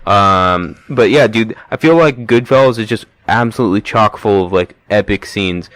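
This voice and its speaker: A man's voice: lowish voice, normal speed, a bit bright. A man co-hosting a casual podcast, retelling movie scenes with a laugh and slipping into mobster voices. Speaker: podcast co-host. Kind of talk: casual chat.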